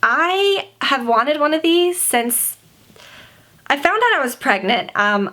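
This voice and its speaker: Close to tears, a pregnant beauty vlogger in her twenties chats and gushes through a casual home update, leaning heavily on fillers. Her voice is mid-range, gravelly, and fairly bright.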